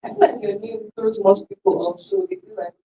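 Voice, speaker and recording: A woman's voice: mid-range voice, fairly even intonation, a little fast, dark tone, far from the mic, low-quality recording. A woman hosting an icebreaker game with an audience, chatty and laughing often, restarting her sentences. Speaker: event host.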